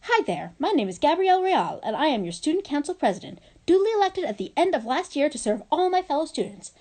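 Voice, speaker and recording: A bubbly, self-assured seventh-grade girl, as a woman puts her on, pitched well above the reader's own voice. She speaks formally and eagerly, as if giving a campaign speech, with a mellow warmth underneath. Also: sing-song, quick pace.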